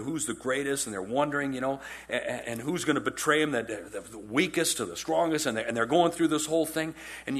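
Husky-voiced male pastor preaching. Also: medium pitch. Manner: animated storytelling, acts out quotes in character; conversational, repeats phrases for emphasis. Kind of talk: sermon.

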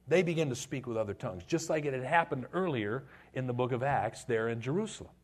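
Animated husky male preacher. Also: medium pitch, fast talker. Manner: lively storytelling, acting out voices. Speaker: pastor. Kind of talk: sermon.

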